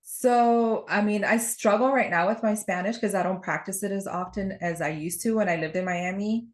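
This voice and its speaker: A woman's voice: medium pitch, moderate pace. A woman guest in a casual podcast conversation, talking in a chatty, rambling way and laughing often as she tells stories.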